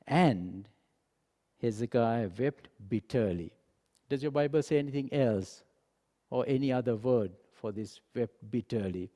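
A man preaching a sermon, animated and acting out dialogue, dropping to a soft voice for emphasis. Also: mid-range voice, measured pace. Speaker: pastor. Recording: long hall reverb.

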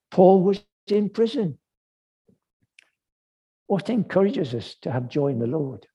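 A man preaching a sermon, measured and given to emphatic repetition. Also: on the high side, creaky, warm tone, husky.

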